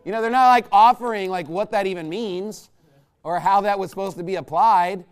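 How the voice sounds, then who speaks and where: A pastor with a high, smooth voice speaks briskly, giving a rambling, folksy sermon in a conversational tone and checking in with those listening through rhetorical questions.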